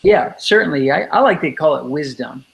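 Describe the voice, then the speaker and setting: A man's voice: on the high side, expressive, moderate pace, vocal fry, poor audio. A man who speaks and teaches about bullying, answering interview questions emphatically and acting out the kids he quotes. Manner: emphatic, acts out kids' voices in quotes. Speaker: anti-bullying speaker and educator. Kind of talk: interview guest explaining.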